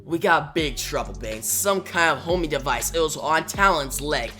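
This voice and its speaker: A gruff henchman, voiced by a man, low and urgent, in a comic story read aloud. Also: lively intonation, normal speed, bright, forceful tone, soft background music.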